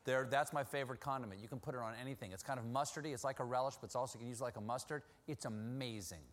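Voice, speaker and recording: A man's voice: medium pitch, rapid-fire. Man hosting a playful audience Q&A. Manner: storytelling, playful and self-mocking. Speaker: talk show host. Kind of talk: casual audience Q&A. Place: theater with a studio audience.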